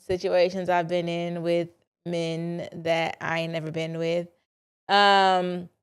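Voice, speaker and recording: A young woman hosts a casual solo podcast, confiding in her listeners and chatting openly. She speaks in a lowish voice with a clean tone.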